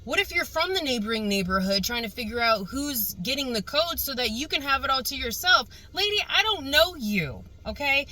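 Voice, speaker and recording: A young woman tells a story to her camera in an animated, exasperated rant, dropping swear words as she goes. Her voice is bright and forceful. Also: high voice, moderate pace, hardly any pauses, rough recording. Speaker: vlogger.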